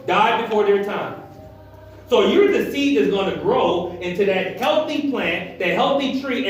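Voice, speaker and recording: Animated pastor preaching in an echoey hall. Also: male voice, sits high. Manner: lively, animated preaching, acts out voices. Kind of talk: sermon. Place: church hall. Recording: echoey hall, heard from far.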